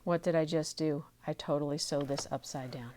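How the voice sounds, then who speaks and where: A woman's voice: deep voice, fairly even intonation, moderate pace, noisy background. A middle-aged woman hosting a sewing tutorial, chatty and encouraging as she demonstrates each step at her machine. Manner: chatty and encouraging, talks while working.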